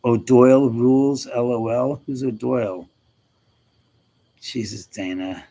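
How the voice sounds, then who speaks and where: Middle-aged guy hosting a live stream, chatty, cusses a lot, laughs a bunch, medium-pitched voice. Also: fairly even intonation, slow pace, dark tone, poor audio. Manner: chatty, swears freely, laughs often. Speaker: livestream host. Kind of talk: casual livestream chat reading comments.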